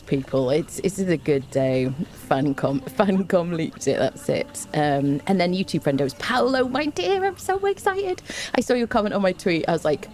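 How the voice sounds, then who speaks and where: A woman streaming live, reading her chat aloud in an excited, gushing, chatty way and greeting viewers by name. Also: sits low. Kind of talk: excited casual livestream chat.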